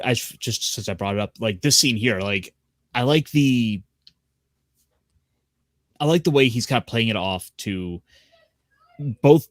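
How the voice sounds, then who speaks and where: Male guest, mid pitch, halting casual delivery, dry sound. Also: fairly bright tone, no room sound. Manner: hesitant, repeats words as he thinks. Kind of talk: casual film discussion.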